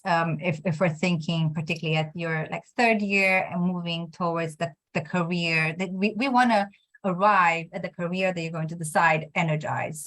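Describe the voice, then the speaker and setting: A woman coaching a student on his career, talking encouragingly with many restarts and fillers. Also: fairly low pitch. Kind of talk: coaching session.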